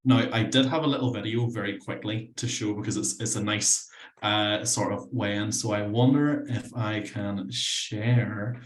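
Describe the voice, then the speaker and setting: Low, flat-voiced Irish man on a video call. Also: unhurried. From Ireland. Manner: friendly, rambling, apologetic. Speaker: panel guest from a water utility. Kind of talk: online panel talk. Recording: echoey room on a video call.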